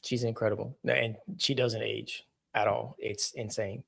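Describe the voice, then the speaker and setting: A man co-hosting a podcast in casual chat, enthusiastic and quick to laugh. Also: lowish voice, flat delivery, vocal fry, a bit bright, breathy edge, no echo. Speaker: podcast co-host.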